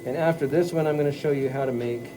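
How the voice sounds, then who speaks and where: A man's voice: medium pitch, fairly even intonation, quick pace, background noise. A middle-aged man teaching pottery at the wheel, chatty and talking students through each step. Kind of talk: live wheel-throwing demonstration.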